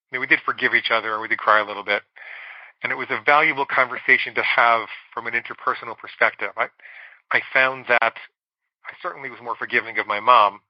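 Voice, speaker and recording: A middle-aged man speaks candidly about his own past, leaning on key words and slowing down to stress them. His voice sits in an ordinary middle pitch. The room is dry and close, and the sound is a little dull. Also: dry recording. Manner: candid, confessional storytelling with slow emphatic stretches. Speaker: guest psychologist. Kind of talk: storytelling in a podcast interview.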